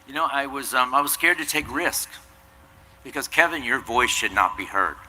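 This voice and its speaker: A man's voice: medium pitch, animated, normal speed, bright, forceful tone, slight background noise, poor audio. A man giving a commencement address, telling an earnest, self-deprecating story. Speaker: commencement speaker. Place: outdoor commencement ceremony.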